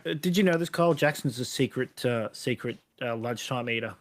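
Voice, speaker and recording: A man's voice: medium pitch, a little fast, a little hiss or hum. A man co-hosting a casual podcast, telling rambling stories and laughing often. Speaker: podcast co-host. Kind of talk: casual chat.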